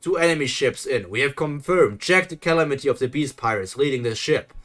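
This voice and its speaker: A man voicing a flustered young navy soldier who reports in a hurried, stammering way. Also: mid-range voice, animated, fairly bright tone, faint music behind, lightly acted. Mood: alarmed.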